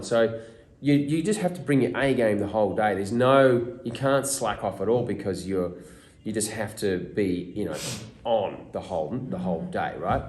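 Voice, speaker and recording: An Australian man tells casual stories to a small group of fans, his voice sitting fairly low. He talks animatedly, restarts his sentences often and slips into voicing the people in his stories. The room is echoey. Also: normal speed, few pauses. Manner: animated storyteller, acts out quotes, many restarts. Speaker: actor guest at a fan meet-and-greet. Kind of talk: casual anecdotes told to fans. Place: small room at a fan convention.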